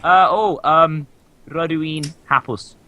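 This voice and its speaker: A man's voice: on the high side, slow pace, pushed and bright, dull audio. A young man with a Welsh accent, hosting a casual podcast chat, blunt and mocking as he complains. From Wales. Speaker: podcast host.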